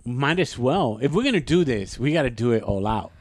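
A man's voice: medium pitch, very animated, fairly quick, a little mellow. A man co-hosting a podcast in casual chat, pushy and joking, often slipping into silly impressions. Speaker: podcast co-host.

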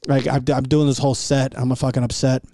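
A man's voice: mid-range voice, little pitch movement, mellow, no room sound. A man who is a stand-up comedian telling a profane story in casual podcast chat, quoting the people in it. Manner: profane, quick anecdote with quoted dialogue.

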